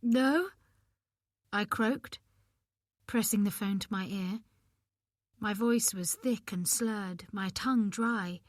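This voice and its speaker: A woman narrating an audiobook in the first person, reading in an expressive, measured way. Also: medium pitch, no room sound, studio quality.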